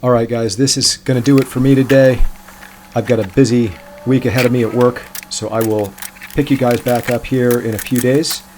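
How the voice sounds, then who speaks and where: A man vlogging his van build to the camera, frustrated and hard on himself, with halting restarts. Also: mid-range voice, fairly even intonation, darkish tone, slight background noise, low-quality recording. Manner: frustrated, self-critical, talks in restarts. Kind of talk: casual DIY vlog talk to camera.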